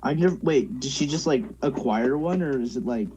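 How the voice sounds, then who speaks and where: A man's voice: mid-range voice, lively intonation, a little fast, noisy background. A young man talking casually as a podcast guest, firing off curious questions packed with "like" and other fillers. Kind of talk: casual chat.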